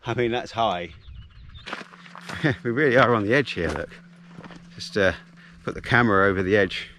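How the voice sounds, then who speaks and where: A man's voice: fairly low pitch, normal speed, a bit bright, a little hiss or hum. Chatty man vlogging a hike. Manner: chatty, easily amazed, frequent ums. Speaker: vlogger hiking with his dog. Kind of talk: casual walking vlog narration. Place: outdoors on a gorge hiking trail.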